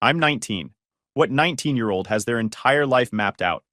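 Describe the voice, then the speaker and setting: A weary, frustrated teenage daughter in a spoken story, read by a man in his own voice. The pitch moves freely, and the sound is close and dry. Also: lively intonation, moderate pace, sharp tone, no room sound. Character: tired nineteen-year-old daughter, frustrated.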